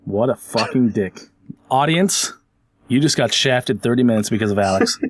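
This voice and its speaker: A man's voice: mid-range voice, expressive, moderate pace, no room sound, studio quality. A man hosting a casual podcast, swearing freely and mock-insulting his co-host for laughs. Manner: profane, joking, mock-insulting. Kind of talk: casual chat.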